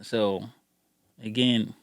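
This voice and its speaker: A man's voice: lowish voice, steady tone, very slow, no echo. Heated rambling man with a dry sound. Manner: heated, rambling, repeats words when worked up. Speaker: gun channel YouTuber. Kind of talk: casual ranting vlog.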